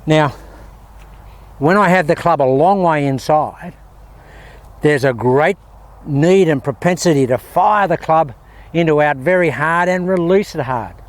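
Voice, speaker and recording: At a windy outdoor range, an Australian golf instructor gives a casual, upbeat lesson, chatting to viewers and calling them "guys" as he hits shots. His voice is a little high, and he speaks at a measured pace with long pauses.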